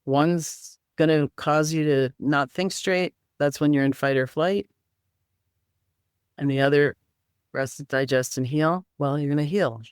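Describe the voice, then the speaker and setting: A woman's voice: deep voice, unhurried, smooth, no echo, studio quality. A woman guest in an interview, explaining healing practices and teaching simple exercises step by step. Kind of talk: interview conversation.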